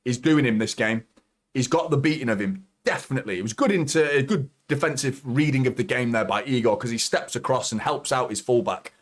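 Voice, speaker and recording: A man hosting a live football watchalong, commentating as a fan and swearing a lot as he swings from nervous muttering to shouting. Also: mid-range voice, fairly quick.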